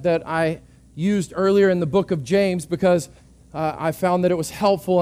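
A man preaching with a high-set voice. He is earnest and direct, doubling words at the start of phrases. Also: darkish tone. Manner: earnest, repeating words as he restarts. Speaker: pastor. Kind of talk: sermon.

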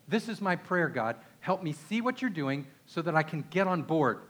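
A man with a Texan accent delivers a sermon in an easy, talking style. His voice sits slightly high, and he leans on key words and checks in with his listeners through quick questions. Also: big pitch swings, a bit bright. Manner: conversational, emphatic, asks the audience rhetorical questions. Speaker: pastor.

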